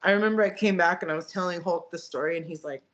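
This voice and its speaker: A woman's voice: on the low side, quick pace, fairly bright tone, muffled recording. Breezy, profane woman telling a story. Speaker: podcast co-host, powerlifting coach. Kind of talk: casual storytelling chat.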